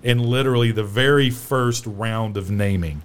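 A man's voice: lowish voice, normal speed, clean tone. A man in his fifties, a distillery co-founder, telling stories and joking with a laugh in casual podcast chat. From Kentucky, USA. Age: 50s.

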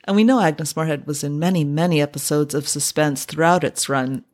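A woman hosts a podcast in a chatty, wry manner, often drawing out an amused "oh." Her voice sits low for a woman and sounds relaxed and conversational. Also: fairly quick. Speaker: podcast host. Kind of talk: casual commentary on old radio drama.

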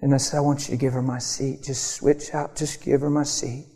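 A man preaching a sermon in a storytelling way, animated, laughing often and acting out the voices of the people in his stories. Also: mid-range voice, brisk, long reverb tail.

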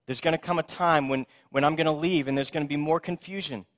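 A man preaching a sermon, telling the scripture story in a conversational, animated way and acting out the people in it. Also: a little high, fast talker. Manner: conversational, asks "right?".

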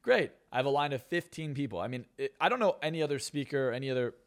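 A man's voice: mid-range voice, lively intonation, quick pace. A man who is a hypnotist and success coach, telling stories in a podcast interview with a boastful, self-assured manner.

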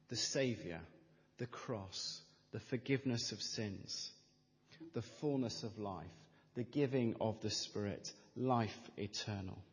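A middle-aged male pastor preaches a sermon at an unhurried pace. His delivery is measured and emphatic, leaning on repeated phrases. The voice carries a long reverberant tail from a church hall. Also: medium pitch.

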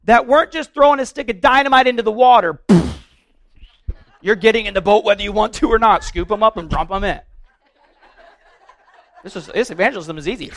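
A pastor with a notably high voice preaches to his congregation. He talks earnestly but loosely, trips over and repeats words as he goes, and slips in playful humor. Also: fairly bright tone. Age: adult, married. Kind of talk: sermon.

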